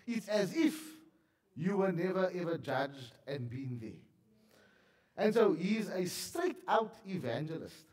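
A man's voice: a little high, a little mellow, reverberant. A male pastor giving church announcements with a frog in his throat, chatty and self-deprecating with many fillers. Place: church sanctuary.

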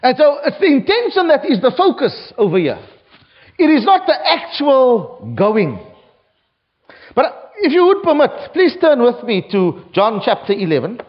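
High-pitched, animated male preacher. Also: measured pace. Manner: animated, dramatic delivery. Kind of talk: sermon with scripture reading. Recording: dull lo-fi recording.

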